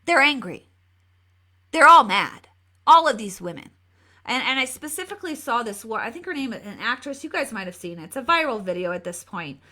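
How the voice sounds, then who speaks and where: A woman's voice: sing-song, brisk, sharp tone. A woman hosting a live political commentary video, emphatic and given to repeating words as she talks. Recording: re-downloaded lower-quality video.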